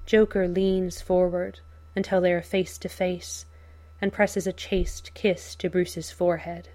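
A woman narrating a fan fiction audiobook in a measured, unhurried storytelling manner. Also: lowish voice, flat delivery, mellow.

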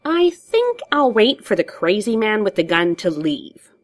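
A woman's voice: medium pitch, sing-song, unhurried, pitched above the performer's own voice. A woman voicing a sly, theatrical male villain with a drawling, sardonic manner.

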